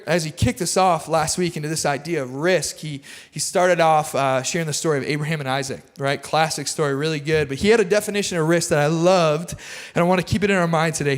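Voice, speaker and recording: Young guy preaching, jokey stories, highish voice, big echoey church hall. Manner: casual, storytelling, self-deprecating humor. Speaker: guest preacher. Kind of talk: sermon with personal stories. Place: large church auditorium. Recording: long hall reverb.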